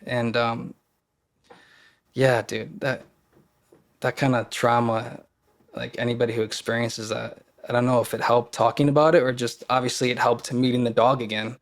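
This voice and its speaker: A man as a podcast guest, telling a personal story in a casual, earnest way, halting often and restarting his sentences. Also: medium pitch, flat delivery.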